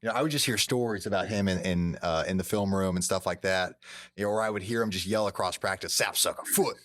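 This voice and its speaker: A man's voice: deep voice, fast talker, a bit bright. A young man chatting casually and laughing easily with friends. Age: young adult. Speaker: podcast guest, former football walk-on. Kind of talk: casual chat.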